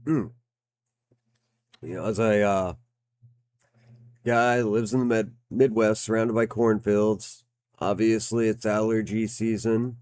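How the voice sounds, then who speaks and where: Low-voiced man casually commenting on gameplay. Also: fairly even intonation, a little slow, darkish tone, dry recording. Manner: chatty, swears, reads game text aloud. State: slightly out of breath. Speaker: game reviewer playing on stream.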